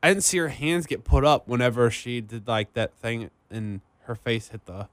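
A man's voice: mid-range voice, normal speed, fairly bright tone, no room sound. A man with a slight Texas twang co-hosting a casual podcast, chatting and laughing easily. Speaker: podcast co-host.

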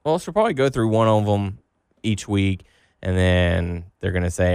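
Guy with a low smooth voice chatting wrestling, dry close sound. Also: expressive, fairly quick, darkish tone, dry recording. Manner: recaps matches with playful quoting, many ums. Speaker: wrestling podcast co-host. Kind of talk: casual chat.

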